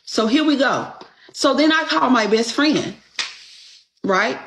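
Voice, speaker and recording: Slow-talking, blunt storytelling woman. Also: on the high side, lively intonation, a bit bright, slight background noise. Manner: blunt, exasperated, swears freely. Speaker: podcast host. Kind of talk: casual storytelling chat.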